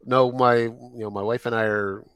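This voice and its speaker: A man's voice: mid-range voice, steady tone, normal speed, a bit bright, smooth, no room sound. A man in casual podcast chat, telling wry stories with hesitant fillers.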